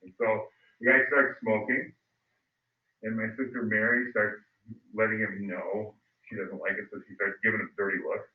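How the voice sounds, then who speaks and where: A middle-aged male history teacher telling a story to his class, animated and acting out voices. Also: fairly low pitch, normal speed. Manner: animated, acts out voices, loud bursts. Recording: phone-like, echoey, distant mic.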